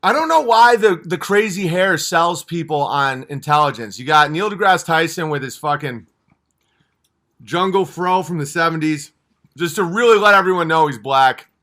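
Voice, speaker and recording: A man's voice: fairly high pitch, lively intonation, moderate pace, sharp tone. A man hosting a livestream, ranting passionately and profanely, rambling from point to point. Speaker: livestream host. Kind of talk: heated livestream rant.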